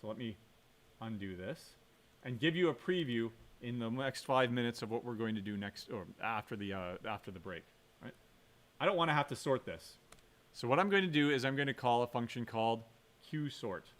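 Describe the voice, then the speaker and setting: A man's voice: medium pitch, animated, a little fast, fairly bright tone. A man giving a computer science lecture while coding, thinking aloud, quizzing the class and correcting himself.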